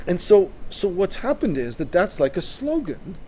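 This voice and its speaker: A man raised in Canada talks in a high voice with a dark, mellow tone. He is emphatic and circles back on his phrases as he argues. A faint hiss sits under his speech. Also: very animated, normal speed. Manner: emphatic, repeats himself while building a point. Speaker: co-host. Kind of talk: casual discussion.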